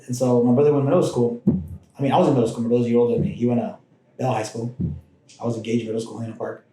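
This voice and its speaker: A man's voice: mid-range voice, little pitch movement, very fast, dark tone, faint music behind. A man recounting his past as a podcast guest, talking casually with frequent restarts and side remarks. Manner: rambling, with frequent restarts and asides. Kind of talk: casual personal storytelling. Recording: roomy echoing room.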